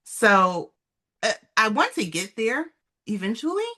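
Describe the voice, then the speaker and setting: A woman's voice: mid-range voice, very animated, a little slow, sharp tone. A woman co-hosting a podcast in casual chat, chatty and laughing often, trailing off with fillers. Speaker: podcast co-host.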